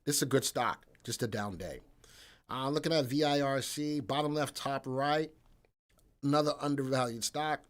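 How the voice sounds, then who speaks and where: Man, live stream host, casual chat, mid-pitched voice, thinks aloud, talks to viewers by name. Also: moderate pace. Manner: gets loud and excited when reacting to chat.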